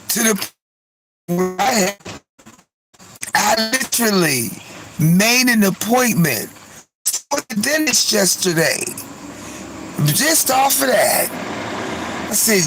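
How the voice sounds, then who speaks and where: A man's voice: high voice, background noise. A man hosting a livestream, telling gossipy stories in a casual chat to his viewers, cursing freely and laughing often. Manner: animated gossipy storytelling, frequent laughter. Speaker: livestream host.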